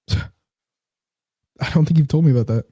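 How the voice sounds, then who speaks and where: A laid-back man with a very dark, mellow voice, talking offhand and swearing casually. The sound is dry with no room echo. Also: fairly high pitch, slow pace. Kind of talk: casual chat.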